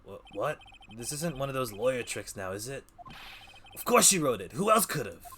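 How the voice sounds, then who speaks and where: A man voicing a gruff, blustering male police detective who bursts out indignantly. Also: medium pitch, big pitch swings, moderate pace, a bit bright, a little hiss or hum.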